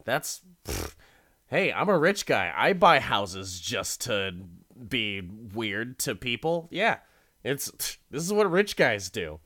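Male recapper, laid-back and wry, slow with lots of fillers. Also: medium pitch, very animated, pushed and bright, no room sound, clean studio sound. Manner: rambling and wry, heavy with fillers. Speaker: show recapper. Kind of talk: casual show recap.

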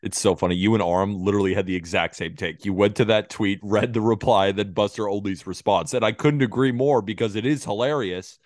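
A man's voice: on the low side, fairly even intonation, brisk, few pauses, a little mellow, no echo. Man, sports podcast co-host, heated rant, swearing, dry close sound. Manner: heated, ranting, swears freely. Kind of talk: casual sports podcast chat.

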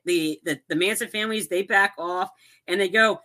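A man's voice: high-pitched, normal speed, sharp tone. A man casually recapping a film's plot, rambling with many restarts and fillers and acting out characters' lines.

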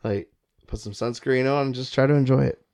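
Man, podcast co-host, mid-pitched voice, upbeat, casual swearing. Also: a little fast, a little mellow. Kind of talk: casual chat.

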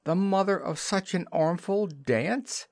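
A man's voice: mid-range voice, sing-song, unhurried, no echo, clean studio sound, voice pushed up. A man voicing a prim, motherly young girl who talks in a earnest, lightly scolding way.

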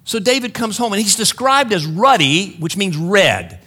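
Animated bright-voiced male preacher. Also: sits high, moderate pace, slightly rough. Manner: animated, joking asides to the congregation. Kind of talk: sermon storytelling.

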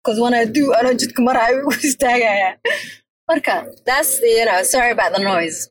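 A woman co-hosting a casual chat, laughing often and mixing languages, with a voice husky from bronchitis. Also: fairly high pitch, fast. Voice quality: lively, laughing, switches between two languages. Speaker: podcast co-host.

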